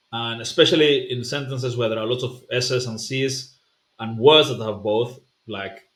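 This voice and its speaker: A man at an everyday middle pitch coaching pronunciation, talking it through with lots of "uh"s and repeated sample sounds. His voice carries a noticeable roomy echo. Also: normal speed, fairly bright tone. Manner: explanatory, repeats sounds to demonstrate, many fillers. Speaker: language coach. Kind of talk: pronunciation lesson.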